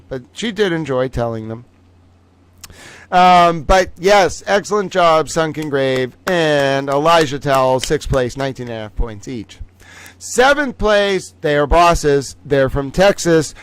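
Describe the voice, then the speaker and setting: A man's voice: on the high side, clear, resonant tone, no room sound. A man hosting a casual live-stream trivia game, playful and chatty, laughing often between phrases and chatting to his toys. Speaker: livestream host running a trivia game.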